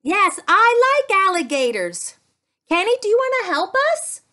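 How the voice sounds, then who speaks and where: A woman speech-language pathologist leads a playful lesson for children. Her voice is very high and bright. She speaks slowly in an animated, sing-song, exclamatory way.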